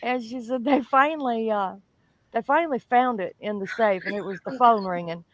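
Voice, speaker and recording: A woman's voice: on the high side, normal speed, dry recording, low-quality recording. A woman telling a story in casual chat, acting out what people said. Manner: chatty, acts out quotes.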